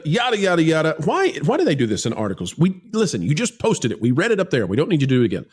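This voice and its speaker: Animated sarcastic male commentary host. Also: fairly high pitch, fast, hardly any pauses, slightly rough. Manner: mocking, theatrical, reads articles aloud with asides. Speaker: host of entertainment commentary channel.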